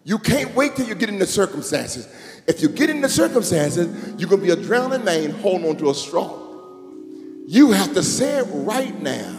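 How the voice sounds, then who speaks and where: A man preaching a sermon as bishop, calling to the congregation and rising into sung shouts. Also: high voice, very animated, normal speed. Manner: call-and-response preaching, building to sung shouts. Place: church sanctuary. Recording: echoey church hall with music.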